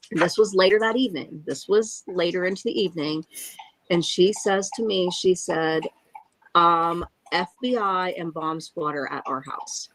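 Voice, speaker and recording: A woman giving a halting, emotional eyewitness account, often breaking off and restarting. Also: lowish voice, a bit bright, a little hiss or hum. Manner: angry and frustrated. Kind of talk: emotional first-hand account.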